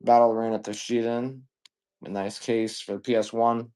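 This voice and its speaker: In a mellow, smooth, medium-pitched voice with little pitch movement, a man runs a live stream selling video games. He talks casually, swears a lot, and greets viewers in rapid succession.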